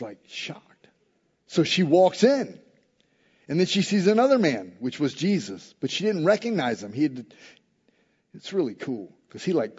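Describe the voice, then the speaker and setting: Male pastor, animated storyteller mid-sermon, slightly high voice, dull recording in a reverberant hall. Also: husky. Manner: animated storytelling, acting out quoted lines with humor. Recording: echoey hall, dull lo-fi sound.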